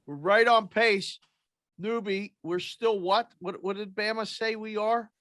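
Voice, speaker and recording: A man with a high-pitched, bright, forceful voice hosts a sports podcast, speaking at a measured pace with fairly even intonation. His casual chat is upbeat and he plugs the show's segments, recorded with no room sound.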